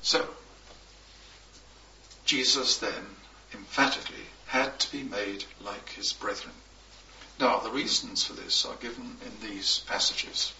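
Slow gravelly preacher in echoey room. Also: male voice, fairly low pitch, bright, forceful tone, slight background noise. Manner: slow, emphatic, measured delivery with pauses between phrases. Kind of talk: sermon. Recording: echoey, distant, dull recording.

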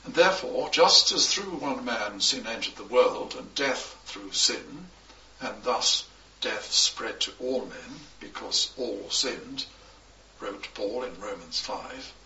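A man preaching a sermon, slow and emphatic, with measured pauses between phrases. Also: mid-range voice, expressive, sharp tone, slight background noise. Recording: echoey, distant, dull recording.

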